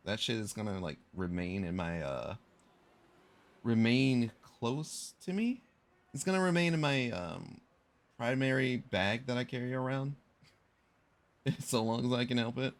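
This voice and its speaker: A man's voice: mid-range voice, lively intonation, measured pace, pauses often. A young man chatting casually on a live stream, rambling and correcting himself as he tells a story in slangy talk.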